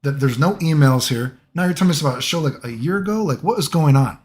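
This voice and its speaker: A young man who is under the weather tells a story in a loose, rambling way. He swears freely, restarts sentences and fills his pauses with "like" and "you know". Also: a little high, lively intonation. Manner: rambling, profane, filler-heavy. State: sick. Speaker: vlogger. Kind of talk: casual storytelling.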